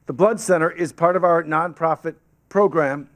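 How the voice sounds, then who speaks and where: At normal speed and on the high side, a man tells a story as guest speaker to a club audience in a meeting hall. Through a podium microphone he stays animated, acting out the voices he quotes.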